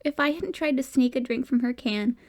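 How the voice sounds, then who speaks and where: A woman's voice: high-pitched, brisk, darkish tone, lightly acted. A woman reading as a sullen, guilt-ridden teenage boy. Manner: curt and sullen.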